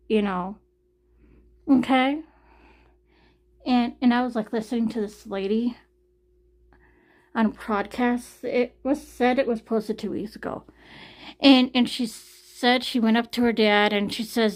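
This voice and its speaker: Woman rambling slow to her camera, kinda high voice, lots of "you know" and sighs. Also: steady tone, a little mellow. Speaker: vlogger. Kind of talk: casual rambling monologue to camera.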